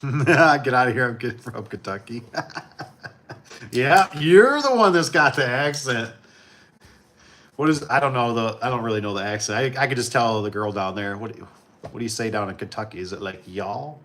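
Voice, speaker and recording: A man's voice: lowish voice, fast, fairly bright tone. Laid-back man chatting on a livestream. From Michigan. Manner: laid-back, rambling, chuckles often. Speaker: livestream host. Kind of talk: casual livestream chat.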